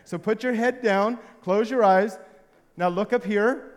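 High-voiced male pastor in echoing hall. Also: measured pace. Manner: playful, jokey storytelling. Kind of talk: sermon with audience participation. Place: large hall with live congregation. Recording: long hall reverb.

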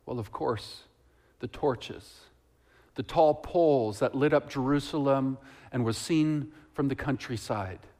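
Delivering a sermon, this man reads scripture with soaring emphasis, then drops into hushed, reflective asides. His voice is mid-range and his pace slow.

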